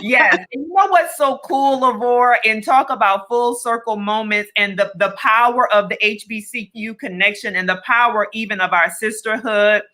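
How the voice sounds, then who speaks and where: Bright-voiced woman co-hosting a podcast. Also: fairly high pitch, moderate pace, hardly any pauses, rough recording. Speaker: podcast co-host. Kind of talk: casual live broadcast chat.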